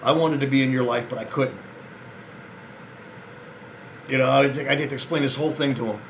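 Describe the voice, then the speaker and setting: A man's voice: medium pitch, fairly even intonation, rapid-fire, a little hiss or hum. A tired man vlogging to his viewers in a rambling, frustrated way, jumping between thoughts and swearing often. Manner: frustrated, disappointed and resigned. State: worn out. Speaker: vlogger addressing male viewers. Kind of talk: casual spoken monologue to camera.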